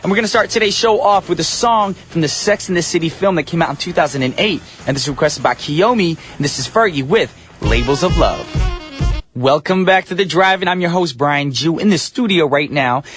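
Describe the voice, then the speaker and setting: A man's voice: on the high side, lively intonation, a little fast, hardly any pauses, a bit bright, faint music behind. A male radio DJ hosting a show from the studio in casual, upbeat, slightly goofy patter. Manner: upbeat, chatty, a little goofy. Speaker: radio DJ host.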